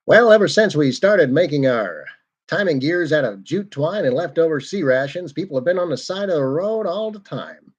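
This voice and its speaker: A man's voice: a little high, animated, normal speed, breathy edge, dull audio, pitched above the performer's own voice. A man putting on the voice of a folksy old-time male radio broadcaster, with announcer-style patter. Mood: hammy.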